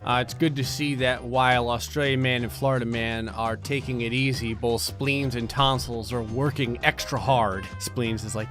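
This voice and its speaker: A man giving comedic gameplay commentary, joking and laughing often with animated bursts. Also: medium pitch, moderate pace, few pauses, music in the background. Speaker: gaming video commentator.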